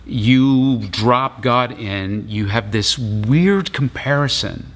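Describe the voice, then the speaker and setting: A man's voice: mid-range voice, slow pace, hardly any pauses. A middle-aged man preaching a sermon in a conversational storytelling way, acting out the voices of the people in his story. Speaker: pastor.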